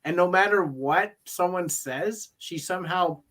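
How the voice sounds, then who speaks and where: Animated man acting out quotes. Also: high voice, a little slow. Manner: animated, acts out quotes in voices; laughs often. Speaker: podcast co-host. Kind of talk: casual chat reviewing wrestling.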